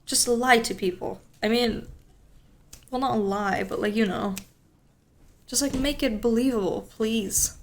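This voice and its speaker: A woman's voice: fairly high pitch, measured pace, long pauses, a little hiss or hum. A woman streamer reading a story game aloud, with chatty, rambling asides.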